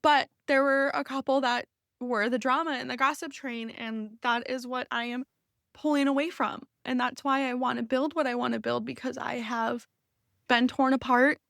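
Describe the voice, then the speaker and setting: A woman podcast host in her thirties, speaking off the cuff with open, rambling warmth and an emotional catch. Her voice sits a little high, and the recording is close and dry with no room sound. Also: steady tone, normal speed, creaky, no room sound. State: emotional, near tears. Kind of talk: unscripted personal podcast talk.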